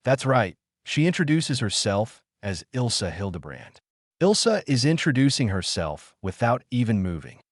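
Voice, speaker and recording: A man's voice: lowish voice, big pitch swings, moderate pace, dry recording, clean studio sound. A man narrating a manga story recap in a casual storytelling manner.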